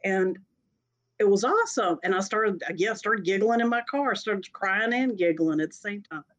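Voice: medium pitch, normal speed, fairly bright tone. A speaker telling a personal story in a casual, rambling way, often breaking into laughter. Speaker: storyteller sharing a personal experience.

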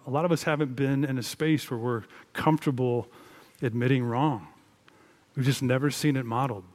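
Earnest male pastor preaching. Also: medium pitch. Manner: earnest, conversational preaching with emphatic rises. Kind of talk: sermon.

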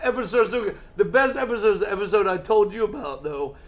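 A young man co-hosting a casual podcast chat, excitable and swearing often as he retells scenes in voices. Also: sits high, fast talker. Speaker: podcast co-host.

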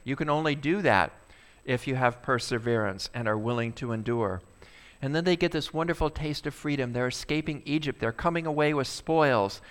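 Male pastor, dramatic sermon delivery, smooth resonant tone, medium pitch. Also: fairly bright tone. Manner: preaching with rhetorical questions to the congregation.

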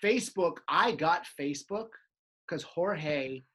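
Husky lower-voiced woman in her 30s, laughing through a story with a friend. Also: animated, slow, fairly bright tone, low-quality recording. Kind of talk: casual storytelling chat.

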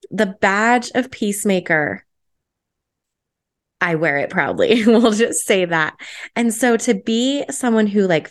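A young adult woman hosting her solo podcast, chatty and upbeat, with lots of "like" fillers. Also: mid-range voice. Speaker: podcast host.

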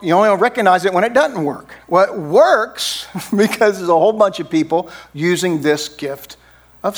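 A middle-aged man preaching a sermon as pastor, in a conversational way, often checking in with "right?". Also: sits high. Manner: conversational, frequent "right?" tag questions.

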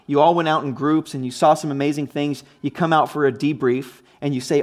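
Male pastor, fairly high voice, casual but emphatic sermon delivery. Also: steady tone, a little fast, hardly any pauses. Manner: conversational, emphatic preaching with restarts and asides.

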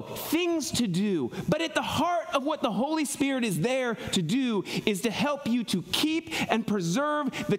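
Here a male pastor preaches as if in conversation, repeatedly asking "right?" His sermon moves back and forth between quiet, low asides and loud, emphatic passages.

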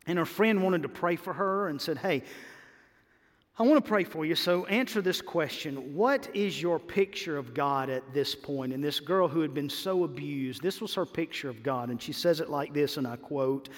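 A man preaching a sermon, moving between quiet, reflective passages and emphatic, rising declarations. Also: a little high, moderate pace, big-room sound. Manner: expressive preaching, swings between soft and emphatic. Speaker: pastor.

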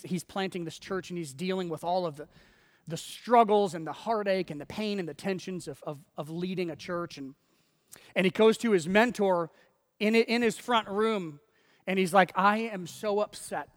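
A man preaching a sermon as a pastor, animated and often repeating words as he starts a phrase. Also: high-pitched, big-room sound.

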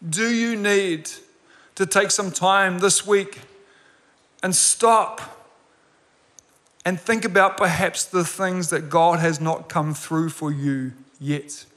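A man's voice: sits high, fairly even intonation, slow, a bit bright. A man in his forties preaching a sermon with a personal story, earnest and building to emphatic repeated lines. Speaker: pastor. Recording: long reverb of a large hall.

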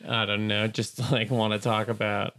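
A man's voice: on the low side, level tone, moderate pace, heavy background noise. A young man hosting a casual chat, rambling and laughing often.

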